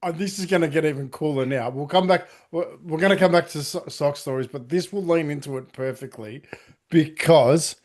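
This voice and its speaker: A man's voice: on the high side, a little fast, a little mellow. A man hosting a casual chat, effusive and enthusiastic as he greets his guests. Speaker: host.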